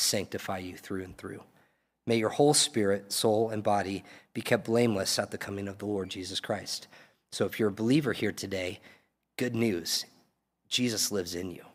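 A man preaching a sermon as pastor, earnest and pleading, building to emphatic peaks. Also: lowish voice. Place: church hall. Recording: long reverb of a church hall.

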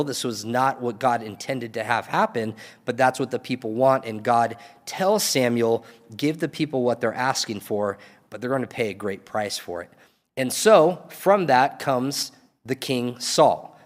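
A man preaching a sermon, retelling a story in a loose, conversational way with quick asides. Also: medium pitch, in a large hall.

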